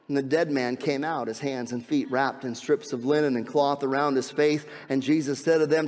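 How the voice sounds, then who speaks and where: A man with a slightly high voice preaches a sermon in a big room with a long reverb tail. He drops to a hushed, slow delivery and then climbs to loud, excited preaching. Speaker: pastor.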